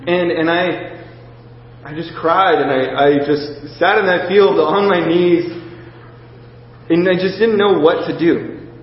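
A man preaching with a slightly high voice, stumbling through a personal testimony and close to tears. His halting, emotional delivery is full of restarts. The sound is dull and lo-fi, with long reverb from a large hall and a faint hiss behind. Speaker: pastor.

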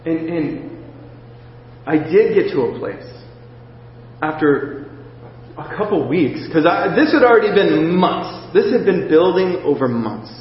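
A man preaching with a slightly high voice, stumbling through a personal testimony and close to tears. His halting, emotional delivery is full of restarts. The sound is dull and lo-fi, with long reverb from a large hall and a faint hiss behind. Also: lively intonation. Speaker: pastor.

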